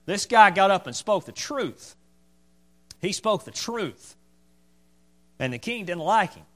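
Animated man preaching a sermon. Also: high-pitched, takes it slowly. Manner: emphatic, repeating points for stress. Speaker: pastor.

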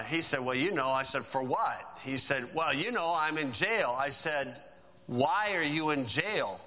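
A man preaching a sermon, reading scripture aloud and stressing key phrases with slow, drawn-out emphasis. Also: a little high, bright, forceful tone, poor audio.

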